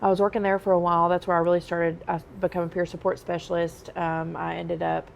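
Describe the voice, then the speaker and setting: A woman's voice: fairly low pitch, flat delivery, quick pace, gravelly, slight background noise. A woman, a podcast guest, candidly telling her own life story in a conversational way, often saying um and like. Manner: conversational, frequent "um" and "like".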